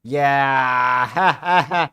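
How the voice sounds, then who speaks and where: A man co-hosting a casual live-stream chat show, excitable and rambling with lots of fillers. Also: medium pitch, drawn-out words, clean tone. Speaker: co-host of a talk and news stream.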